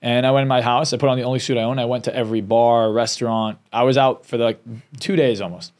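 A man's voice: mid-range voice, fairly even intonation, fast, darkish tone. A man, a success coach and hypnotist, telling a candid, emotional personal story as a podcast guest, often restarting his sentences.

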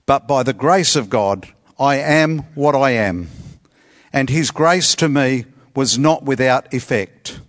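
A man reading a Bible passage aloud in a measured, formal way. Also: mid-range voice, expressive, fairly bright tone. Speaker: scripture reader. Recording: long reverb in a church hall.

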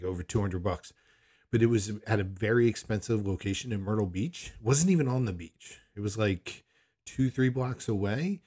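A man's voice: on the low side, darkish tone, slightly rough. Candid man telling a rambling story. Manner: rambling, candid, self-questioning. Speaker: son recounting a hospital visit. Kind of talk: personal storytelling.

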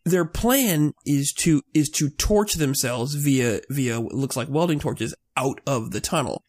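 A man co-hosting a podcast, talking in an excitable, sarcastic, profane way. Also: fairly high pitch, measured pace. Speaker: podcast co-host. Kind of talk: casual chat.

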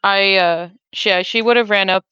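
A woman's voice: medium pitch, steady tone, normal speed, bright, forceful tone, clean tone, no room sound, lo-fi sound. A woman playing a tabletop game, chatting casually and correcting herself. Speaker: player.

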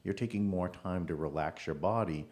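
A man's voice: low-pitched, moderate pace, darkish tone. A man co-hosting a podcast, talking in an agreeable, rambling way with frequent restarts. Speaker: podcast co-host. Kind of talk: casual podcast conversation.

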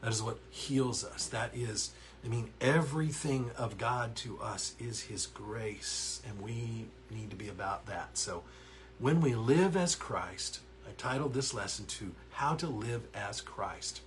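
A man's voice: lowish voice, unhurried, slight background noise. Earnest man teaching a Bible lesson. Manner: earnest, animated, reads verses aloud and reacts to typed comments. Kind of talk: online Bible lesson to chat viewers. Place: counseling office.

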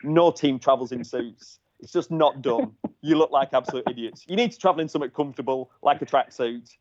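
A man hosting a casual chat who tells lively anecdotes and swears freely. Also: medium pitch, brisk, no room sound, lo-fi sound. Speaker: podcast host, former racer.

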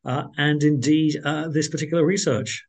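A man's voice: a little high, fairly even intonation, normal speed, creaky. A man hosting a radio interview, chatty and upbeat, with frequent filler sounds. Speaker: radio host.

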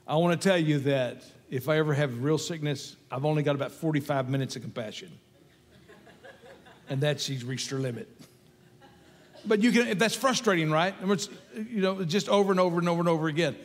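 A pastor delivering a sermon in a slightly high voice. He preaches emphatically, repeating phrases as his intensity builds. The sound carries a long reverb, as in a church sanctuary. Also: fairly quick.

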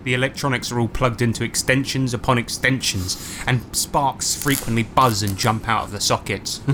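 A man's voice: mid-range voice, steady tone, moderate pace, background noise. Man narrating a tabletop game. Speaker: game master.

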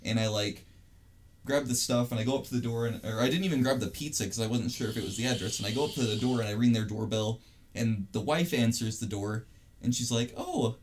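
A man's voice: medium pitch, fairly even intonation, quick pace. A young man telling a story in casual chat, rambling and swearing with lots of restarts. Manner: rambling, profane, many restarts.

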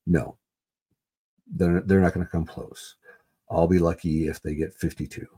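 A man's voice: sits low, little pitch movement, normal speed, dark tone, breathy edge. A man hosting a solo podcast, rambling and swearing, repeating himself with lots of fillers. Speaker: podcast host. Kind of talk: casual solo sports podcast rant.

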